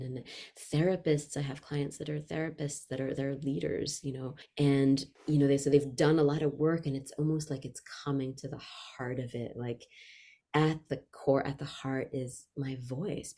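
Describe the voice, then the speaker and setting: A woman vocalist and voice workshop leader talking in an interview, expressive and shifting freely in loudness and pace. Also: rumbling low, creaky. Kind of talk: reflective interview conversation.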